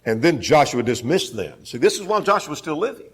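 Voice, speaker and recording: A man's voice: a little high, very animated, a little fast, slightly rough. A man teaching a Bible class, emphatic, repeating key phrases and putting questions to the class.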